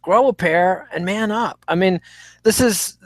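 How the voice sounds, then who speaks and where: A man's voice: high-pitched, normal speed. A man co-hosting a podcast, ranting emphatically with strong opinions.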